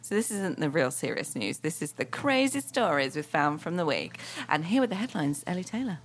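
Lively, playful woman radio host. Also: low-pitched, soft background music. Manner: lively, playful, quick to laugh along. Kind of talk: casual radio chat.

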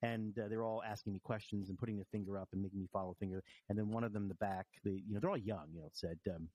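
A man's voice: lowish voice, fast. A man recovering from vertigo, telling wry, self-deprecating anecdotes in casual chat, with frequent restarts. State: recovering from vertigo, a bit wobbly.

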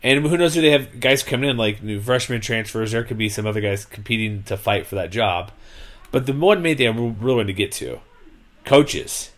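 Animated young-sounding man ranting about football. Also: fairly low pitch, a little fast. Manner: animated, exasperated, rambling with fillers. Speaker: sports podcast host. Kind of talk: casual sports talk.

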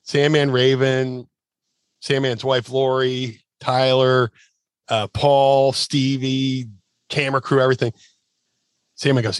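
A man's voice: mid-range voice, slow pace, long pauses, smooth, no echo. A man telling a casual anecdote as a guest, rambling with fillers and restarts and acting out quotes in shifting voices. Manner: animated storyteller, acts out quotes in shifting voices.

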